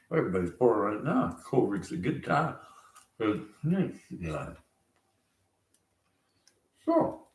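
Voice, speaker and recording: A man on a rambling political rant, sarcastic and chuckling often, recorded in an echoey room. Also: sits low. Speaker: vlogger.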